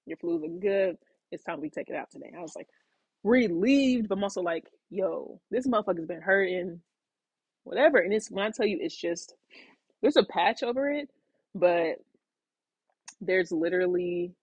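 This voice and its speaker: Rambling woman podcast host, husky. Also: lowish voice, expressive, normal speed, pauses often, no echo, rough recording. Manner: rambling, frequent fillers and restarts, acts out quotes. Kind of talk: casual storytelling monologue.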